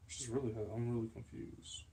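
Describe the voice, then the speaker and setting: Casting: easygoing man, mid pitch, agreeable and puzzled, light hiss behind. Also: flat delivery, fairly quick, dark tone. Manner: agreeable, backchanneling, confused. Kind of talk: casual chat.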